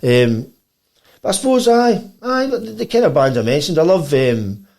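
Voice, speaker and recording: A man's voice: fairly high pitch, normal speed, vocal fry. A man with a Scottish accent chatting as a podcast guest, rambling with many restarts. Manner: animated storytelling. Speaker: guest musician. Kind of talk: casual podcast chat.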